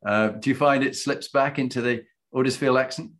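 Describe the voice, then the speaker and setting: A man's voice: medium pitch, steady tone, brisk. A man in his sixties from Yorkshire, interviewing a guest in a rambling, anecdotal way. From Yorkshire, England. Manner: rambling, anecdotal, with a gentle chuckle. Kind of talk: conversational interview.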